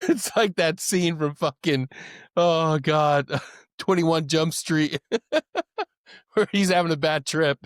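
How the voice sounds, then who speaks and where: A man's voice: a little high, slow pace, long pauses, no room sound, clean studio sound. Blunt, profane veteran podcast host, man. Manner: blunt, profane, laid-back reactions. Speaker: podcast host, former Green Beret. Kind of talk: casual chat.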